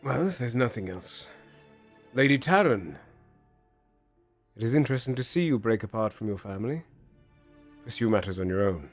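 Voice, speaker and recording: Man as a smug rich lord, soft, languid, tabletop game. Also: mid-range voice, expressive, moderate pace, long pauses, faint music behind, lightly acted. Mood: aloof. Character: smug wealthy male vampire lord.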